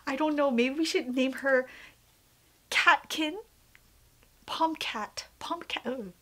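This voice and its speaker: A woman's voice: high-pitched, unhurried, a bit bright. A young woman vlogging casually, gushing and often dropping into whispers. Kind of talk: casual haul vlog.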